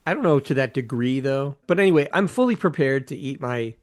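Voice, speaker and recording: A man chatting casually about a film trailer as a guest, hesitant and measured, often restarting his sentences. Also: medium pitch, expressive. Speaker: podcast guest. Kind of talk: casual chat.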